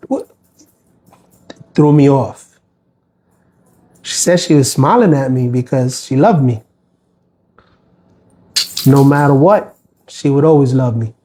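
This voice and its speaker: On a livestream, a middle-aged postal worker talks casually and with a sense of grievance, rambling through lots of fillers and restarts. His voice is medium in pitch with a dark tone.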